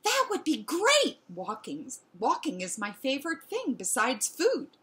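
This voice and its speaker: A woman voicing a lost, eager young female dog in a read-aloud storybook, excited and pleading. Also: a little high, a little slow, pitched above the performer's own voice.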